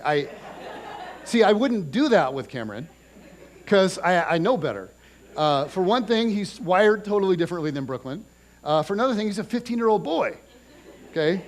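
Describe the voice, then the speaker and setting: A man in his forties preaching a sermon in a church, talking in a loose, conversational way and telling family stories with lots of restarts. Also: sits high. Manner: conversational, animated storytelling with restarts. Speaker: pastor. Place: church auditorium.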